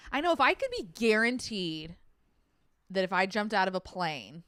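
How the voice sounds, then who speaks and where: A young woman co-hosting a podcast in casual chat, animated and swearing, often laughing as she tells stories. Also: mid-range voice, normal speed, clean tone, no echo, studio quality. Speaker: podcast co-host.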